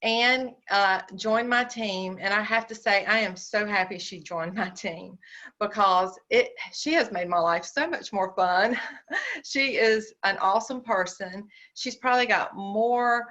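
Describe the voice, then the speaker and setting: Bright enthusiastic woman host. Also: medium pitch, a little slow, dull audio. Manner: enthusiastic, laughing. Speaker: event host. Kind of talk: introducing a speaker.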